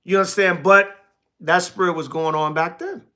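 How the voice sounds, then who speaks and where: A New man with a high, bright, ringing voice, preaching from scripture on a livestream. He reads the verses in a slow, deliberate cadence. Between readings he talks straight back to his chat in blunt, repetitive bursts. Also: fairly even intonation. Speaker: elder teaching scripture on a livestream. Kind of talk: sermon mixed with casual replies to live chat.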